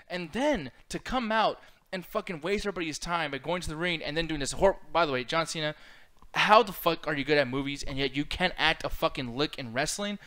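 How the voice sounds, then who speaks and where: A man's voice: on the high side, pushed and bright. A man co-hosting a casual podcast chat, ranting with strong opinions and plenty of swearing. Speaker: podcast co-host.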